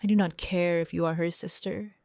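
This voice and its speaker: A woman reading the lines of a pushy man declaring obsessive love, in a plain, even voice. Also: fairly low pitch, brisk, no echo, studio quality, lightly acted. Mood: insistent.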